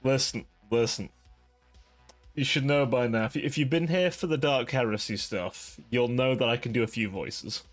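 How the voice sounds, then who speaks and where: A man's voice: mid-range voice, normal speed, soft background music. A young man hosting a live stream, chatting casually with his chat, rambling and laughing at himself. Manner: giggly, rambling, self-deprecating. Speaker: livestream host.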